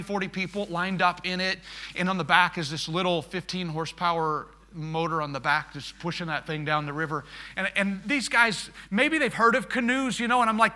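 A man with a very bright, forceful voice that sits a little high delivers a sermon as a story. He acts out the exchanges with energy, then drops to a soft, hushed tone when he reflects. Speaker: missionary pilot preaching.

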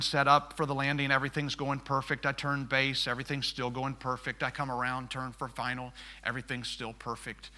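A man preaching through a story, acting out the dialogue and dropping to a hushed tone when he reflects. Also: medium pitch. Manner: animated storyteller who acts out the dialogue and turns soft and hushed for reflection. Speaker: missionary pilot preaching. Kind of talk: storytelling sermon.

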